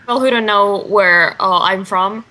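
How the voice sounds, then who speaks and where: A woman's voice: medium pitch, unhurried, sharp tone. A woman with a light Moscow Russian accent whose first language is Russian, co-hosting a casual fan chat show. She laughs easily and keeps steering the conversation to the next question. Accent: Moscow Russian, softened by years of American English. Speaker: co-host.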